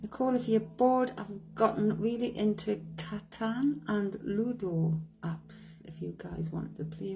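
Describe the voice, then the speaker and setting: A woman's voice: mid-range voice, fairly even intonation, moderate pace, creaky, few pauses, dark tone, faint music behind, poor audio. A woman, a psychic medium, chatting casually on a live stream, reading out viewers' comments, answering them and laughing often.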